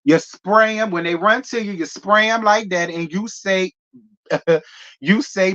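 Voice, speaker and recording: Livestream host, sassy casual chat, playful teasing, mid-pitched voice, slightly dull lo-fi audio. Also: unhurried, a bit bright. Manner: sassy, playful, thanks donors by name with kisses.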